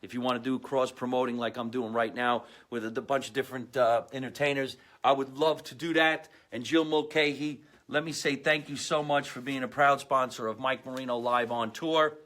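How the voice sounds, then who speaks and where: Man, new jersey accent, comedian host, rambling storyteller, bright forceful tone, middle pitch. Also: fairly quick, few pauses. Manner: rambling, animated storyteller with asides to viewers. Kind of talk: casual storytelling monologue.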